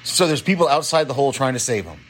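A man's voice: medium pitch, sing-song, fast talker, faint music behind. Chuckling man giving movie commentary. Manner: chatty, chuckles often while reacting. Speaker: listener sending a voicemail.

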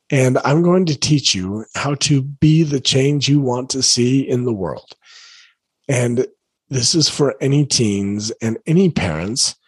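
A parenting coach, a man, talks straight to his viewers in an earnest, encouraging way, circling back to the same phrases. His voice is a little husky and tired from the late hour. The sound is dry and close, with no room around it. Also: medium pitch, dry recording, poor audio. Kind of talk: casual direct-to-camera talk.

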